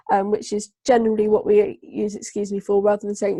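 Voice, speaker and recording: A woman tutor, running a live online group lesson and dictating analysis slowly with many fillers. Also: mid-range voice, flat delivery, warm tone, no echo. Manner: slow, hesitant dictation with many fillers while writing. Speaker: English tutor.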